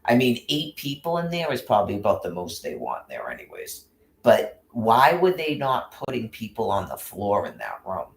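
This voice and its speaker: A man's voice: lowish voice, huge pitch swings, normal speed, creaky, a little hiss or hum. A man ranting angrily and rambling, full of profanity and restarts. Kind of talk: casual rant. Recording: roomy echo.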